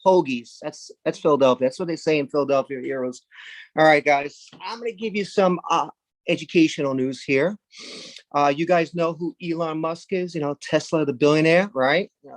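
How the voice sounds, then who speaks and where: A man from Brooklyn, doing a rambling, deadpan stand-up set. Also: on the high side, dry recording. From Brooklyn, New York. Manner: rambling, deadpan, with sudden loud jumps into put-on voices. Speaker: stand-up comedian.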